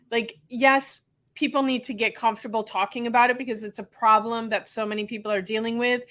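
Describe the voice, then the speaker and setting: Bright, high-voiced woman podcast host. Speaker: podcast host, physical therapist. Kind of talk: casual podcast chat.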